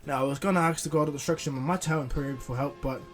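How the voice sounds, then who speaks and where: A man's voice: on the high side, fast talker, soft background music, lightly acted. A man doing an earnest young time traveler.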